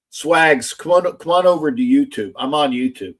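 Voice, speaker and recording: A man hosting a casual sports livestream, loud, gloating and profane, repeating himself often. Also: fairly high pitch, moderate pace. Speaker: livestream host.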